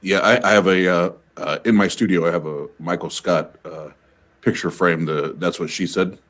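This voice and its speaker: A man's voice: deep voice, fairly even intonation, moderate pace, fairly bright tone. A man on a remote call mic in casual, bawdy joking chat, stammering and restarting as he talks. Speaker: guest reader on a call-in stream.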